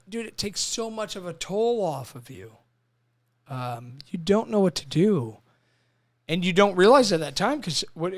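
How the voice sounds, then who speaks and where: A man's voice: high-pitched, no echo. A man in his thirties, a Marine veteran and podcast host, talking casually and emotionally, swearing a lot and acting out little scenes. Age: 30s. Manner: emotional, profane, animated storytelling. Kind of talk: casual chat.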